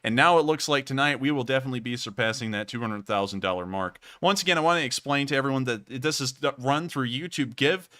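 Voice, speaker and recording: A man's voice: mid-range voice, quick pace, few pauses, pushed and bright, dry recording, clean studio sound. A man hosting a charity livestream who thanks donors effusively and explains the fundraiser. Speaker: livestream host.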